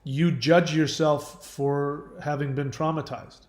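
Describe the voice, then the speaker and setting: A man's voice: on the high side, little pitch movement, slow pace, echoey room. A man hosting a casual livestream, answering viewer questions earnestly with fillers and restarts.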